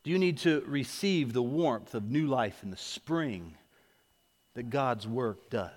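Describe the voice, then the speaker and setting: A man's voice: medium pitch, expressive, a little slow. A man preaching a sermon as pastor, driving his points home with repeated questions and calls to come forward. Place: church sanctuary. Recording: echoey hall.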